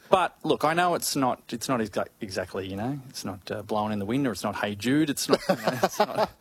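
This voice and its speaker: Aussie bloke co-hosting footy radio, rambles and jokes around, lots of stops and restarts. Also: male voice, medium pitch, sing-song, slightly rough. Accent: Australian. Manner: rambling, jokey, halting with restarts and laughs. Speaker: radio sport co-host. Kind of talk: casual chat.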